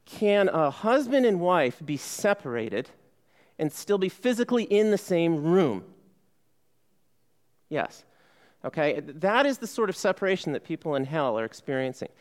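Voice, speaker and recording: A male pastor with a fairly high, sing-song voice preaches unhurriedly in a conversational style. He poses questions to the congregation and answers them himself, sprinkling in frequent "okay"s and restarts.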